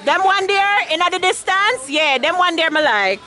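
A woman vlogging outdoors at a backyard party, shouting panicked exclamations and mixing patois with English. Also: extremely high pitch, animated, normal speed, soft background music. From Canada. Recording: phone video with loud crowd and fireworks noise.

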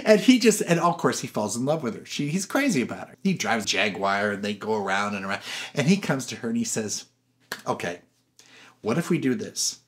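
A man's voice: lowish voice, brisk. A man hosting a casual film review who acts out the characters' lines as he recounts the plot. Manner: animated, acts out quotes. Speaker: movie reviewer host.

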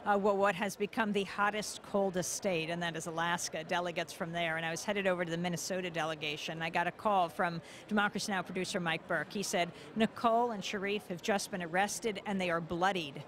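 A woman's voice: lowish voice, steady tone, brisk, hardly any pauses, fairly bright tone, slight background noise. A woman news host giving an interview, telling her story urgently and rising to indignant emphasis. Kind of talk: interview, personal account. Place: convention hall.

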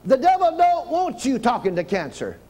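An older man preaching a sermon fervently, in surges and loud commands, with folksy grammar. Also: very high-pitched, huge pitch swings, moderate pace.

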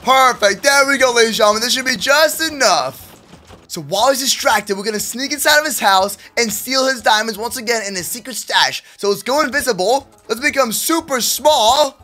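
Young male gaming host, bright forceful voice, excitable stealth play-by-play, light music behind. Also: very high voice, a little fast. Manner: hyped, hushed stealth narration. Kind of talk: energetic game commentary.

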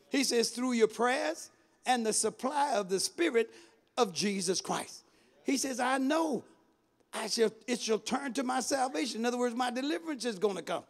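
A bishop preaching a Bible study sermon, swinging between loud calls and low drawn-out phrases and calling out to the congregation. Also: male voice.

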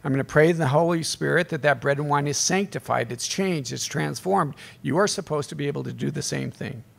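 A man's voice: a little high, creaky, a bit bright. A middle-aged man, a priest, giving a conference talk to a live audience, telling stories with humor and calling out to the crowd. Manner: conversational storytelling with humor and call-outs to the crowd.

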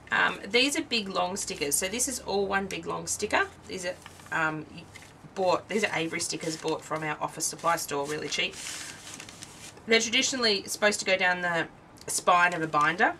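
In a gravelly, bright, forceful voice on the low side, a tired Australian woman chats at a moderate pace about her craft work. The show-and-tell is rambling and self-interrupting, with poor audio, a distant mic, and a little hiss or hum.

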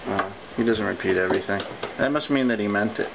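Very low-voiced woman prompting a toddler. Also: fast talker, gravelly, highs cut off. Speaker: family member at home. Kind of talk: casual home video chat. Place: child's bedroom at home. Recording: noisy home camcorder audio.

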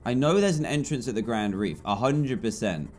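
A man's voice: expressive, normal speed, a little hiss or hum. A man in his twenties with an English accent, chatty and jumpy as he commentates his own gameplay. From England. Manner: jumpy, chatty, swings between low mutters and loud yelps. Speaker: gaming YouTuber.

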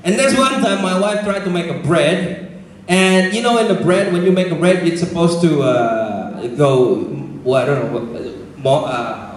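Indonesian-accented male preacher, high voice, halting storyteller; booming church echo. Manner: animated storytelling with frequent restarts. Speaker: pastor. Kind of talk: sermon. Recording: very echoey church with faint noise.

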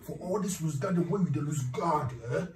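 A man's voice: fairly high pitch, a little fast, crowd noise, lightly acted. An actor playing a bossy, mocking village man who scolds and keeps asking "eh?". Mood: scolding. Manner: scolding, repeating "eh?". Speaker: actor in a comedy skit. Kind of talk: skit acting. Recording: echoey room, distant mic, noisy.

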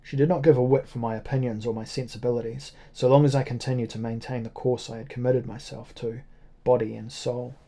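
Grave, dark-voiced male narrator. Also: mid-range voice, level tone, a little fast, hardly any pauses. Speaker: audiobook narrator. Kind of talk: first-person audiobook narration.

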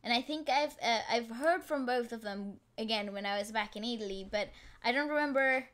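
A woman's voice: a little high, normal speed, a bit bright. A woman co-hosting a music reaction video, speaking in an easygoing, agreeable way and laughing often. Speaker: co-host of a music reaction channel. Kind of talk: casual reaction chat.

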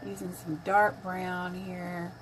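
A woman's voice: on the low side, little pitch movement, takes it slowly, a little hiss or hum. An older woman chatting casually on a makeup live stream, greeting viewers by name as she works.

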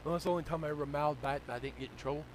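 Male pastor, fairly high pitch, loud emphatic sermon delivery. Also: racing, slight background noise, low-quality recording. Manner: swings from low conversational to loud shouting.

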